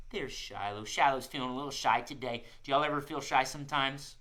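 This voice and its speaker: A man's voice: medium pitch, fairly even intonation, fairly quick, hardly any pauses, bright, forceful tone. A man hosting a live children's music show, playful and coaxing, who often says "y'all" to his young audience. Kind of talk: live-streamed kids' show chat.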